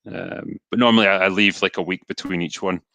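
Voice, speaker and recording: A man's voice: low voice, brisk, vocal fry, no room sound. A Scottish man hosting a live stream, casually reading and answering viewer donations with lots of ums and asides. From Scotland. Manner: relaxed, chatty, frequent ums and asides. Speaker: livestream host reading donations.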